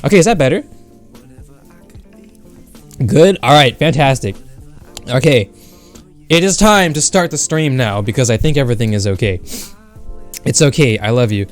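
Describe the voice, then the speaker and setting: A young man chats on a home livestream into a desk mic, rambling and blunt with plenty of fillers and profanity. His voice sits in a middle pitch. Faint music plays behind him. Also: lively intonation, normal speed, pauses often. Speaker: streamer. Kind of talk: casual livestream chat. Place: home streaming setup.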